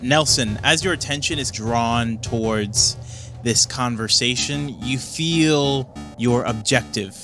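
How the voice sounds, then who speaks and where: A man running a tabletop game as game master, his voice bright and forward, with faint music underneath. He narrates in a relaxed, halting way, pausing on ums and uhs as he sets up each scene. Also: mid-range voice.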